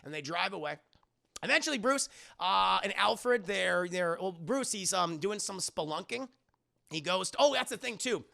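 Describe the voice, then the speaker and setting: A man's voice: high-pitched, lively intonation, moderate pace, gravelly, sharp tone. A young man streaming a profane, rambling recap of a movie, talking straight to his live chat.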